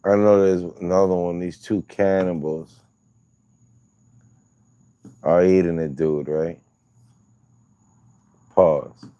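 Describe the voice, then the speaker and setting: A man's voice: low voice, flat delivery, takes it slowly, long pauses, dark tone, clean tone, highs cut off. A man hosting a casual livestream, teasing and joking with his viewers. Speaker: livestream host.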